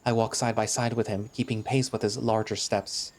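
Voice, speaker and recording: Man, first-person visual novel narration, casual, chatty, a bit hesitant, low voice, faint background noise. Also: flat delivery, normal speed, darkish tone.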